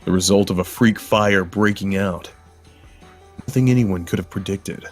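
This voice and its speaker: A man's voice: sits low, normal speed, faint music behind. A man reading a horror story aloud in a grim, bitter, world-weary voice, then chatting casually with his co-hosts. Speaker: guest storyteller.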